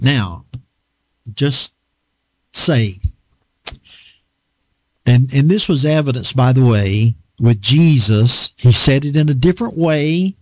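A Southern-accented man preaching in a homespun, storytelling manner, his fairly high voice rising and falling with animation. The sound is dry and close, with no room around it. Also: lively intonation, slow pace, darkish tone, no room sound. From American South. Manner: folksy, storytelling, rambling with fillers. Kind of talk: sermon.

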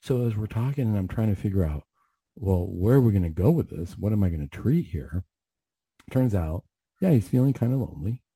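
Husky, dark-voiced man telling a story. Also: on the low side, animated, a little fast, dry recording. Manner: earnest, conversational, repeats and restarts phrases. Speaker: radio host and mental health clinician. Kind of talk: storytelling on a faith radio show.

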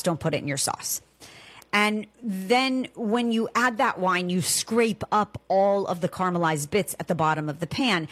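A woman's voice: medium pitch, fairly bright tone. A middle-aged woman from Southern California hosting a cooking show, talking in a chatty, enthusiastic way with emphatic repetitions. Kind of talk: conversational solo podcast monologue.

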